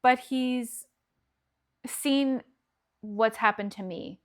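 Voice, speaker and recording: High-voiced woman telling a story. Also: very slow. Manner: animated storytelling, acts out quoted voices loudly; swears casually. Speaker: podcast guest. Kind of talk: casual chat.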